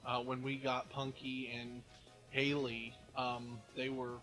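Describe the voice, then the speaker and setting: Casting note: man, let's play co-host, slow halting delivery, bright tone, soft game music behind. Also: mid-range voice, completely flat delivery, poor audio. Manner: halting, many fillers and restarts. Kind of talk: casual gaming chat.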